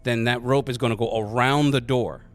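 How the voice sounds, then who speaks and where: A man running a tabletop game as game master, explaining the rules in a halting way with many restarts. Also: mid-range voice, fairly even intonation.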